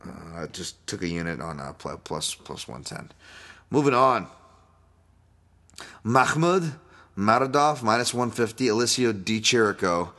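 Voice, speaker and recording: A deep-voiced man talks casually into the mic, hosting his own podcast. He rambles from point to point, drops curses freely and chuckles at his own jokes. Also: bright, forceful tone. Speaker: podcast host and fight analyst. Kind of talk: casual solo podcast breakdown.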